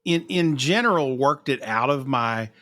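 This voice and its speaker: A man's voice: mid-range voice, lively intonation, moderate pace, sharp tone, no echo. Folksy man with a slight Southern twang. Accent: Eastern Kentucky Appalachian, slight twang. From Appalachian mountains. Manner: folksy, self-deprecating, laughs often. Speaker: podcast host and broadcaster. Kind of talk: casual chat.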